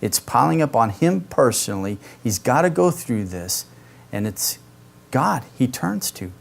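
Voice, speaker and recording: A man's voice: medium pitch, big pitch swings, a little slow, vocal fry. A man, a pastor, preaching an expository sermon with casual conversational asides to the congregation.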